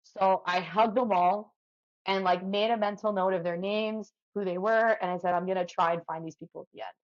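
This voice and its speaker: A woman's voice: medium pitch, fairly even intonation, a little fast, lo-fi sound. A woman from Canada, a podcast guest, tells a long story in a chatty way and fills her sentences with "like". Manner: chatty, lots of "like" fillers, vivid retelling. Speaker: podcast guest, firefighter and ultra runner. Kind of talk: animated storytelling in conversation.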